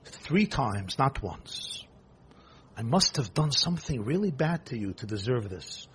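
A man voicing a weary, beaten donkey in a low, quiet, plaintive voice. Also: normal speed, a little hiss or hum, lightly acted. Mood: pleading.

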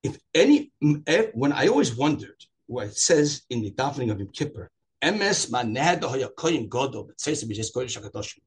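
A man telling personal stories at a memorial, animated, acting out the quoted lines and often restarting and digressing. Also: mid-range voice, brisk, breathy edge. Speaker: storyteller at a memorial gathering. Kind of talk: emotional personal storytelling.

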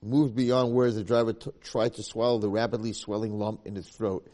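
A man's voice: lowish voice, level tone, moderate pace, dark tone. A man teaching a religious lecture, telling a moral story and repeating key points for emphasis. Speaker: Torah teacher.

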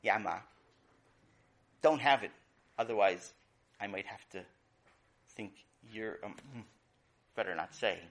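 A man's voice: lowish voice, unhurried, pauses often, a bit bright, voice pushed down. A man doing a stubborn little boy. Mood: hesitant. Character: fussy young boy, stubborn and clever.

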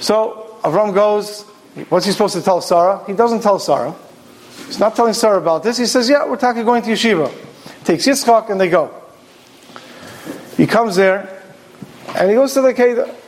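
A man giving a Torah sermon, animated, asking rhetorical questions and acting out stories. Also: sits high, normal speed, long pauses, slight background noise. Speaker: Torah teacher.

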